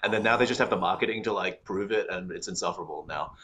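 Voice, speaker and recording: Young Australian-accented man, podcast guest, lower pitch, bright tone, animated casual chat. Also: fast talker. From Singapore. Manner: animated, laughing storyteller.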